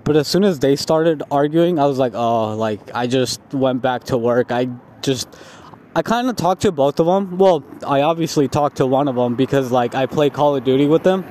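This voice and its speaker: A young man, high as he talks, tells a long, rambling story full of "like" and swearing. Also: moderate pace, a little mellow, a little hiss or hum. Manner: repetitive, profane, full of "like" fillers. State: stoned.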